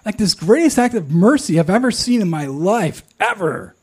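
A man telling a true personal story, candid and self-deprecating, often pausing and restarting. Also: sits high, very animated, a little mellow, husky.

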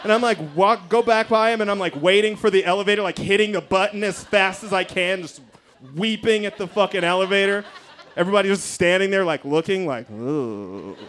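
A man telling a comedic story on a live stage, animated and profane, laughing through his own lines. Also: sits high, brisk.

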